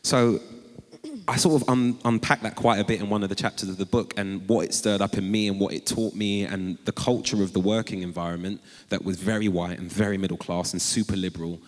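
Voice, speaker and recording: This is an author and guest from North London, a man with a low voice, spinning conversational stories on stage. The large chapel hall gives his words a long, ringing reverb, and a live audience is present. He's lively, often leaping into high-pitched quoted exclamations.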